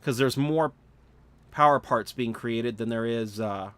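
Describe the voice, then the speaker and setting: A man's voice: medium pitch, measured pace, a bit bright, clean tone. A sleepy, yawning man casually talking through his gameplay on a livestream, thinking aloud with lots of fillers and restarts. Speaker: gaming livestreamer. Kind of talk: casual live gameplay commentary.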